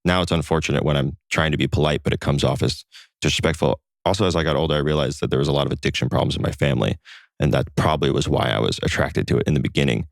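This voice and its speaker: A man talking casually as a podcast guest, telling relaxed stories with lots of fillers. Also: a bass voice, rapid-fire, vocal fry, no room sound, clean studio sound. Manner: relaxed storyteller with frequent fillers. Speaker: podcast guest, co-founder of a satire site. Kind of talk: casual conversation.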